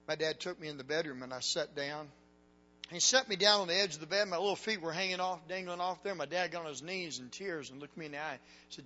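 Man preacher, fairly high, forceful sermon storyteller; lo-fi recording, light hum. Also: normal speed, long reverb tail. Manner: dramatic, swings from hushed to shouting. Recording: dull lo-fi recording with faint hum.

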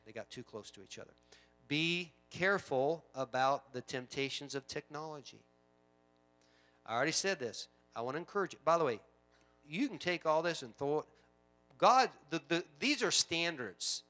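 A middle-aged pastor delivers a sermon in a church, his voice bright and somewhat high for a man. He talks in a conversational way, full of asides and repetitions, then swells into loud, emphatic preaching. The tone stays edged and forceful. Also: animated, normal speed, long pauses, faint music behind. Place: church sanctuary.

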